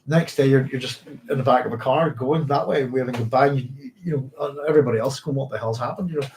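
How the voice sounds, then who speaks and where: A man's voice: mid-range voice, darkish tone, slight background noise. Tired middle-aged man with a hybrid Northern Irish-English accent. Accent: mixed Northern Irish and English. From Northern Ireland. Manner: halting, many restarts and fillers, reflective. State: physically tired. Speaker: podcast host. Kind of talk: emotional personal storytelling to a live audience.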